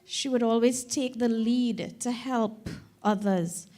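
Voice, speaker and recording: A middle-aged Trinidadian woman, a daughter giving a funeral eulogy, reading slowly and earnestly and close to tears at times. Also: fairly high pitch, mellow. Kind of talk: funeral eulogy read aloud.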